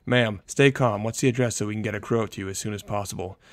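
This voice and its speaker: A man voicing an emergency dispatcher, calm and procedural in a monotone. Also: on the low side, quick pace, no echo, close to an everyday voice. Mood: businesslike.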